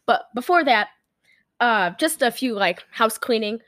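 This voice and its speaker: Giggly high-voiced woman podcast host. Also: animated, measured pace, fairly bright tone, no room sound, clean studio sound. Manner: giggly, rambling, many fillers. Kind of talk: casual chat.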